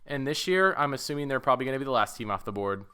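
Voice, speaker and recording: A young man hosting a live-streamed tournament draw. He talks loudly and excitedly, swearing and laughing often. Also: mid-range voice, very fast, slight background noise.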